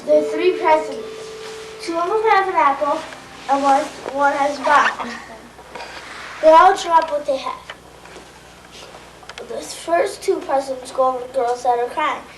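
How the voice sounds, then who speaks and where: Brief: high woman voice telling a joke, recorded far off in an echoey room. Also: a little slow, pauses often, noisy background. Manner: deadpan joke telling with acted dialogue. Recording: roomy, distant home video recording.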